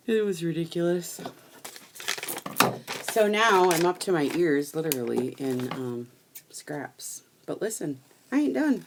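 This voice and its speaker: A woman's voice: on the low side, lively intonation, a little slow, pauses often, background noise. A woman hosting a live crafting stream, chatting bluntly with viewers and laughing often as she works. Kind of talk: casual chat while crafting.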